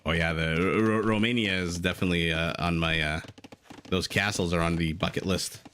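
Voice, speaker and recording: Live strategy-game commentary comes from a Canadian man with a deep, steady, fairly quick and slightly bright voice. He jokes and chats with his audience between plays, pausing to reply to chat, against slight background noise.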